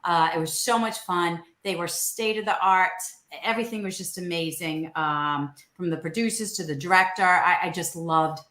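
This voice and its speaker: Bright-voiced woman, animated storyteller. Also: on the low side, normal speed, hardly any pauses. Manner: animated, acts out quoted dialogue. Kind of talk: casual storytelling. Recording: roomy echo.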